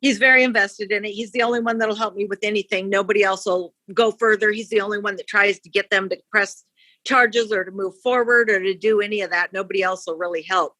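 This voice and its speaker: A woman's voice: mid-range voice, steady tone, fast talker, pushed and bright. A woman from the victim's family, talking frankly and casually in an interview. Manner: plain-spoken, frank.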